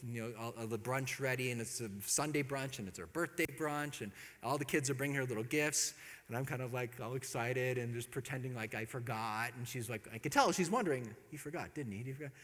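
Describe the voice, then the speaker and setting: A man giving a humorous storytelling talk to an audience, acting out quoted lines with lively jumps in his voice. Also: a little fast. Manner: animated, acts out quotes with big pitch jumps. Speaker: Catholic speaker. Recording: long hall reverb.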